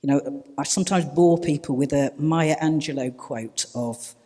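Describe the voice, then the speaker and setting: Slightly higher-voiced guy on a panel, thoughtful, echoey hall. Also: moderate pace, hardly any pauses, mellow. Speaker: panel speaker. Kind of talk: reflective panel talk. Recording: reverberant hall.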